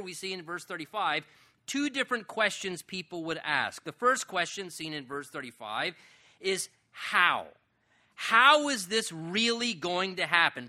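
A man's voice: high voice, sharp tone. A man preaching a sermon as pastor, swelling with emphasis on key phrases.

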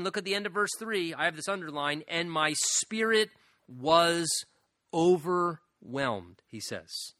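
A man's voice: a little high, bright, forceful tone, no echo, clean studio sound. A pastor preaching an earnest sermon, his delivery building to fervent emphasis.

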